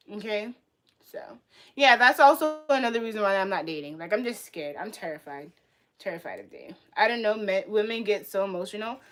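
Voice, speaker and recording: A woman ranting to her viewers on a livestream, blunt and profane, swinging between loud outbursts and low muttering. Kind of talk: casual rant to viewers.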